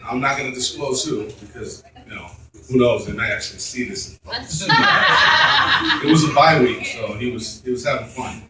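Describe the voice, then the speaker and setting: Very animated and forceful, the comedian's bright mid-range voice keeps a moderate pace. He's a stand-up of Mexican heritage delivering a long, rambling, swear-laden story stuffed with fillers while the audience laughs, heard from a distance in a roomy club with slight background noise.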